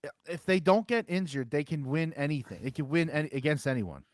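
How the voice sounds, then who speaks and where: A man co-hosting a sports podcast, talking in a somewhat raised pitch for a male voice. He rambles casually and profanely, full of fillers and restarts. The sound is dry and close, with no room echo. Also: animated, a little fast. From Philadelphia area. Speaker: podcast co-host.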